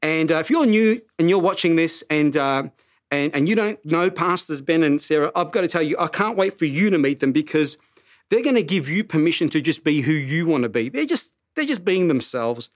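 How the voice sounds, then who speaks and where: A middle-aged man preaching a sermon as pastor, animated and self-mocking, who often repeats his words. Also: fairly high pitch, fairly quick, no room sound, studio quality.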